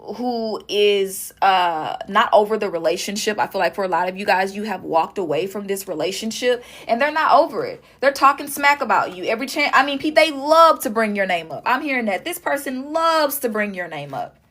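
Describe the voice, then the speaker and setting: A woman's voice: medium pitch, expressive, brisk, few pauses, a bit bright. A woman doing a casual tarot reading, talking straight to her viewers with emphatic repetition. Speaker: tarot reader.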